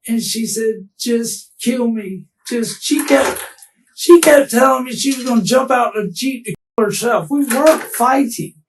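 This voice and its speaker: A distraught, tearful man being interrogated, talking haltingly and restarting his sentences. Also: extremely high pitch, distant mic, poor audio. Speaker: murder suspect under interrogation. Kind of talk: police interrogation.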